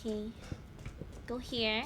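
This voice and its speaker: A woman's voice: fairly high pitch, level tone, slow pace, background noise. A woman streamer giving casual gameplay commentary, playful and giggly.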